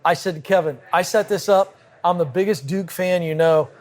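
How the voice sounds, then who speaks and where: Guy on a podcast telling a story, kinda higher voice, brisk and vivid, hanging out in a cigar lounge. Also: a little mellow. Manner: brisk, vivid anecdote telling with acted quotes. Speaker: podcast guest. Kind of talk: animated storytelling in conversation. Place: cigar lounge with a group present.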